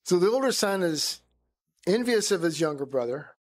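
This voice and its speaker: High-voiced man teaching a Bible sermon. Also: sing-song, normal speed. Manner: conversational, acts out quoted voices.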